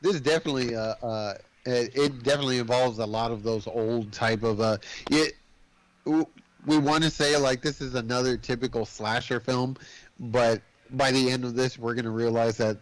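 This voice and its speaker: A man co-hosting a podcast, casually retelling a film's plot in a rambling, animated way, full of filler words. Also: mid-range voice, normal speed, rough recording. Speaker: podcast co-host. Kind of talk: casual movie recap chat.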